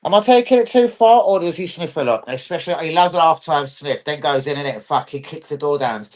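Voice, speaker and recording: A man's voice: on the high side, animated, brisk. Brief: man hosting a livestream, rowdy and foul-mouthed, mumbling one moment and bellowing the next. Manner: rowdy, profane, swings from mumbling to shouting. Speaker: livestream host. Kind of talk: livestream fan chat. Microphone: computer mic on a livestream.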